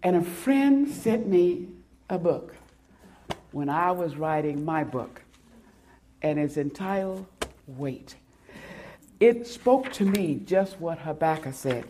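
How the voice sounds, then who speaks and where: A woman delivers a sermon at an unhurried, deliberate pace. Her voice is warm and mellow. She swells to forceful peaks and then drops to hushed, almost whispered lines. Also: low-pitched, very animated, a little hiss or hum. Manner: dramatic, swelling loud then dropping to hushed near-whispers. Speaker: preacher. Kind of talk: sermon with a read-aloud poem.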